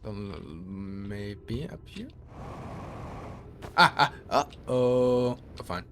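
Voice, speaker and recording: A young man playing a game blind, thinking aloud and reading its lore text in a measured voice. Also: on the low side, expressive, fairly bright tone, slight background noise. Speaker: let's play streamer.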